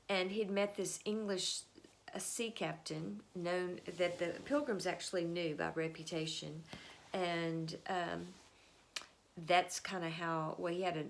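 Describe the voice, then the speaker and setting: A woman giving a casual spoken history lesson, telling it as a chatty story full of fillers and quick bits where she voices the people in it. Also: lowish voice, slight background noise. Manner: acts out the historical figures with quick changes of voice.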